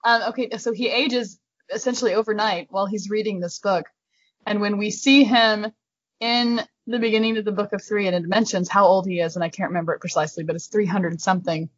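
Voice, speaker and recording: A woman's voice: mid-range voice, a little fast, dry recording, muffled recording. Curious woman in casual chat. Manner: curious, lively, questioning. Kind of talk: casual book discussion.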